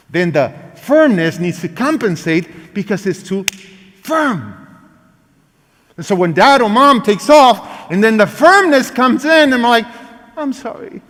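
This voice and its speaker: A man with a high, very lively voice leads a parenting workshop, speaking in an emphatic, animated teaching manner with non-native English phrasing. His words ring out with the long reverb of a large church hall. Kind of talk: lively teaching talk acting out parent and child lines.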